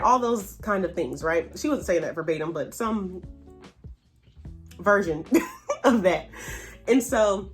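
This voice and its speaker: A woman casually recapping a reality show, chatty and animated, acting out what people said. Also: moderate pace, faint music behind. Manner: chatty and animated, reenacts quotes with pitch jumps. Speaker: YouTube TV recap host.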